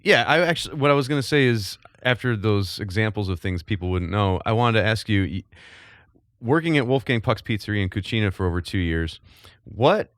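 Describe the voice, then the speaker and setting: A man hosting a podcast interview, asking questions in a halting way and restarting his phrases. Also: lowish voice, animated, no echo, studio quality. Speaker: podcast host. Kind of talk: casual interview talk.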